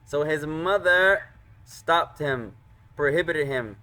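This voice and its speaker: A man leads an online class in a bright, slightly high voice. He takes his time, pausing often between words while he guides and corrects students. He speaks through a computer microphone. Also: slight background noise. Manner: slow, patient teaching with frequent pauses and corrections. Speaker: teacher. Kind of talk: online Arabic and hadith class.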